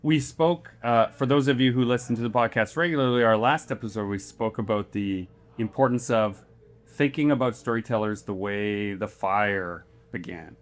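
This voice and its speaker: A man's voice: fairly low pitch, normal speed. A man hosting a live convention panel, talking in a musing, story-driven way with rhetorical questions into a panel microphone. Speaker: podcast host moderating a convention panel. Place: convention panel room before an audience.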